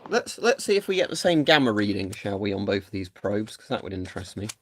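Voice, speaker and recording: A man's voice: lowish voice, sing-song, quick pace, a bit bright. A man doing a casual live stream, chatting and thinking aloud while he tests equipment.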